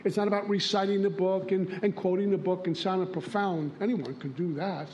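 Plainspoken New man, fairly high voice, sharing recovery stories with slight hiss behind. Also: steady tone, fairly quick, darkish tone, highs cut off. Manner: storytelling, plainspoken, acts out dialogue. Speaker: recovery meeting speaker. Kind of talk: recovery share.

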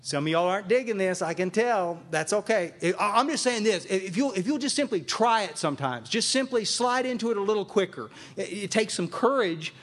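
Emphatic higher-voiced man. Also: lively intonation, brisk, few pauses, a bit bright. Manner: emphatic, repeats phrases for emphasis. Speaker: recovery group speaker and sponsor. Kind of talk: speaking to a live meeting audience. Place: meeting room with a live audience.

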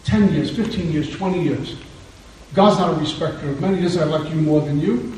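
A man's voice: a little high, normal speed, darkish tone, a little hiss or hum. A middle-aged man giving an earnest personal testimony at a recovery meeting, telling his story with wry laughs. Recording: very echoey hall, distant mic.

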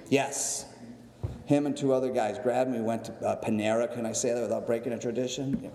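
A man telling his recovery story to a meeting, animated and acting out the voices of others, swinging between excitement and somber reflection. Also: medium pitch, fairly quick, a little hiss or hum. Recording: echoey hall, long reverb.

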